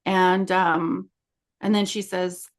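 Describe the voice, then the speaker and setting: A woman's voice: lowish voice, little pitch movement, takes it slowly. Chatty middle-aged woman telling a story. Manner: chatty, acts out quoted dialogue. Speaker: podcast co-host. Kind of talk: casual storytelling chat.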